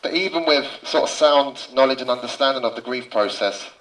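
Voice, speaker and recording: A male psychiatric nurse hosting a rally, speaking haltingly and emotionally. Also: medium pitch, a bit bright, echoey room, recorded from a distance, poor audio. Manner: emotional, halting, holding back tears. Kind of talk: rally speech and speaker introductions. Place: outdoor street rally.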